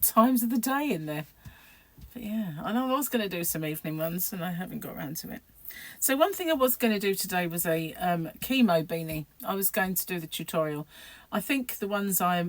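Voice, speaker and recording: Woman, middle-aged, low-pitched, dry close sound, rambling chat, frequent laughs. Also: no echo. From United Kingdom. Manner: rambling, chatty, laughs often. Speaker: crochet vlogger. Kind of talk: casual chat to camera.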